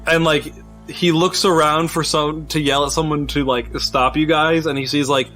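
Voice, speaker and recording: A man running a tabletop role-playing game as game master, chatty and quick with frequent laughter. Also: a little high, fairly even intonation, sharp tone, faint music behind.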